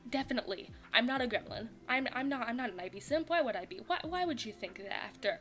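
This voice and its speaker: Brief: fairly high-voiced woman, excitable streamer gushing over a story game, rambling and giggly, faint music behind. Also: fast, hardly any pauses. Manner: rambling with frequent restarts and playful self-mockery. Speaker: streamer playing a visual novel. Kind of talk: casual gameplay reaction, reading the story aloud. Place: at home.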